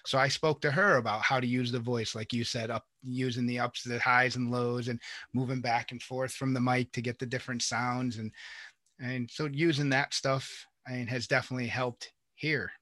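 Bright, dry-sounding podcast host man. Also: mid-range voice, fairly even intonation, normal speed, no echo. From Connecticut, USA. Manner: chatty, rambling with restarts. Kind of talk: casual chat.

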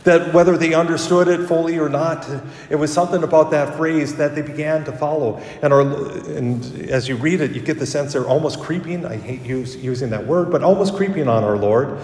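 A priest's voice, on the high side, moves briskly with few pauses through a conversational homily. He corrects himself and becomes lively when quoting people, captured from a distance in an echoey church.

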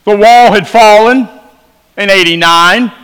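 A man preaches a revival testimony in a high, ringing voice, dropping into hushed asides and then building back up with emphasis. His words carry a long reverb from a large hall. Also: a little slow, clean tone. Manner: storytelling, shifts between quiet low asides and emphatic rises. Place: church sanctuary.

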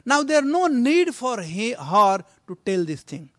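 A man's voice: very high voice, very animated, a little slow, a bit bright, no room sound, clean studio sound. A male preacher telling a story in a sermon, earnest and exhorting his listeners.

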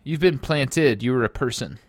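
A man's voice: medium pitch, normal speed, no room sound, studio quality. A man hosting a lighthearted comedy podcast, playfully interviewing a guest and stammering through his questions. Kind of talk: casual comedy podcast chat.

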